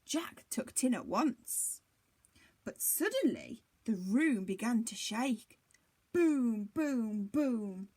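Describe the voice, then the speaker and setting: Woman teacher, storybook reading, slow, animated voice. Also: on the high side, slightly rough. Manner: expressive, dramatic. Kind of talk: storybook reading for young children.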